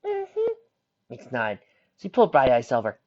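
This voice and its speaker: A man narrating a story aloud in a plain reading voice, stumbling over a word now and then. His pitch moves around quite a bit. The recording is dull and lo-fi. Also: brisk. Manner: plain, even narration with slips and restarts. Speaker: reader. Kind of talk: storybook reading of fan fiction.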